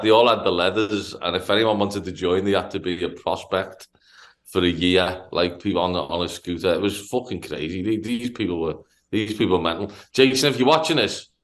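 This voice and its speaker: A man from Liverpool with a Liverpool accent, telling a profane, animated story on a casual podcast. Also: sits low. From Liverpool, England. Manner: profane, animated anecdote-telling with stammered restarts. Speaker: podcast host.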